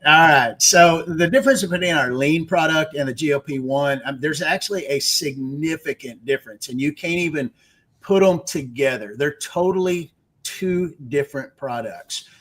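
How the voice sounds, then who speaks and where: A man's voice: fairly high pitch, normal speed, a bit bright. A man with a Texas accent, a radio guest explaining technical science step by step. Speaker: guest, research executive. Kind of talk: explanatory interview answer.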